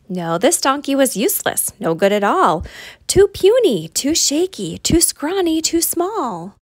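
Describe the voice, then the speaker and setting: A woman's voice: fairly high pitch, dry recording, studio quality. Woman reading a rhyming kids book. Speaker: storytime reader.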